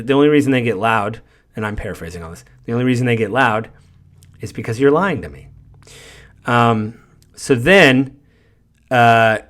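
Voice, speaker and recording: A man hosts a podcast and talks through a game's story in a relaxed, rambling recap. He fills gaps with ums and loosely paraphrases what the characters say. His voice sits at an ordinary middle pitch for a man. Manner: rambling, lots of fillers and paraphrased quotes. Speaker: podcast host. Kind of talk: casual spoiler recap.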